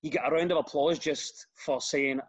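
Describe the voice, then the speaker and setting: A middle-aged Glaswegian man, a comedian and radio host, chatting as a podcast guest and telling animated stories with lots of restarts. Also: fairly high pitch, moderate pace, breathy edge, dull audio. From Scotland. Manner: animated storyteller, repeats words when starting sentences. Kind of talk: casual interview chat.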